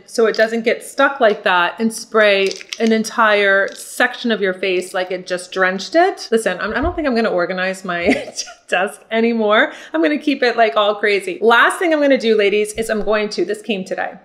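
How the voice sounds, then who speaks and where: A woman's voice: fairly high pitch, moderate pace, a bit bright. An older woman chatting through a makeup tutorial, encouraging viewers she calls ladies. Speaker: beauty vlogger. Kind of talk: casual makeup tutorial chat.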